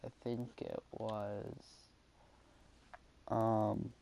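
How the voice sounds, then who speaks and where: A man's voice: fairly low pitch, little pitch movement, extremely slow, gravelly, warm tone, slight background noise. A young man telling a school story in a casual vlog, rambling with lots of swearing and fillers.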